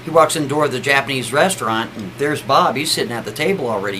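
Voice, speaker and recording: A man's voice: medium pitch, big pitch swings, a little fast, few pauses, pushed and bright, slight background noise, rough recording. A man telling a story casually, chatty, often tagging sentences with a questioning aside. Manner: chatty, keeps adding "right?".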